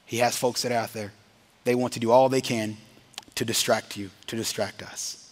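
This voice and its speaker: In a chapel or hall before a live audience, a man with a medium-pitched voice preaches a sermon to his congregation. He is energetic and quick to laugh at himself, and he draws out the words of a solemn benediction.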